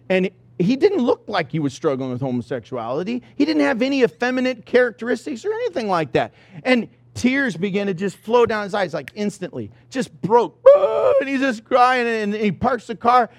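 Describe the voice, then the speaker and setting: A man preaching a sermon, telling personal stories in an animated way and acting out the dialogue. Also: sits high, no room sound. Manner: animated storyteller who acts out dialogue.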